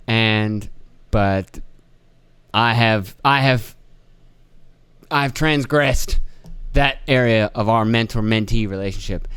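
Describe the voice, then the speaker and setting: A man's voice: on the low side, unhurried, long pauses, a bit bright, smooth, dry recording. A young man hosting a solo podcast, ranting and swearing, acting out other people's lines in mocking voices. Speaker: podcast host.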